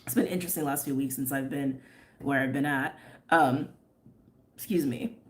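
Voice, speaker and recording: A woman reading tarot and chatting casually on a livestream, rambling and laughing often, her voice a little hoarse. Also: extremely low pitch, normal speed. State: slightly hoarse. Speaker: tarot reader.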